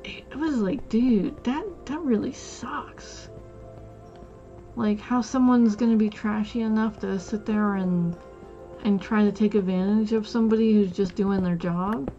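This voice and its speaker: A woman's voice: mid-range voice, steady tone, moderate pace, dark tone, lo-fi sound, faint music behind. A woman streamer telling a work story in casual chat, rambling with lots of fillers and restarts.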